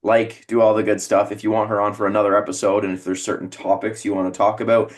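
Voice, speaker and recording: A man's voice: lowish voice, little pitch movement, quick pace. A man hosting a podcast, wrapping up the episode with short, laid-back remarks. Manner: brief upbeat interjections, laid-back wrap-up. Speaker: podcast host.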